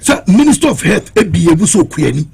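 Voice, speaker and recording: A man's voice: high voice, big pitch swings, quick pace, creaky, background noise. A Ghanaian man giving heated political commentary on a talk show, impassioned and challenging, switching between Twi and English.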